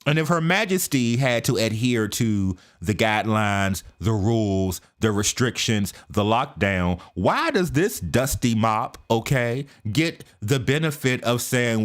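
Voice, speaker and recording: An American man giving casual, talkative commentary on a live stream. He keeps checking in with "okay?" and mutters quietly to himself while he sets things up. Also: medium pitch, animated, a little slow, few pauses. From United States. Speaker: reaction video streamer.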